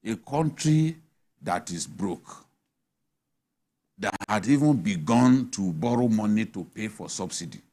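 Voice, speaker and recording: A man's voice: fairly low pitch, lively intonation, a little slow, warm tone. Emphatic Nigerian man on a panel. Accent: Nigerian English. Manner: emphatic, argumentative, rhetorical questions. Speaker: panel guest. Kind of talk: animated studio panel discussion. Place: TV studio.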